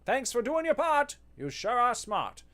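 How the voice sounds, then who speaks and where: A man's voice: very high voice, very animated, a bit bright, voice pushed up, heavily acted. A man doing a snooty, theatrical voice with an old-fashioned transatlantic accent. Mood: pompous. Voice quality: plummy, drawn-out, theatrical.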